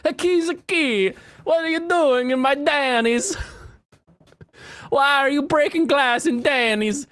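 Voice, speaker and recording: A shrill, excitable mock-Italian man scolds in a high, stretched-out voice, as a streamer puts him on. The sound is dry and close, with no room echo. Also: full character voice. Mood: indignant. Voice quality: high, drawn-out.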